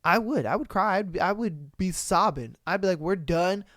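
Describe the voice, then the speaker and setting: A man's voice: high-pitched, moderate pace, no room sound, studio quality. Profane young man on a live stream. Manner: animated, profane, laughs a lot. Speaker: podcast host. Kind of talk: casual live-stream chat.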